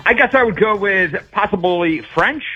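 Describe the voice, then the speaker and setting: A man's voice: high voice, animated, moderate pace, sharp tone, dull audio, soft background music. A man calling into a radio show, playing a game in an upbeat, easygoing way. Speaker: caller. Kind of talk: casual call-in chat.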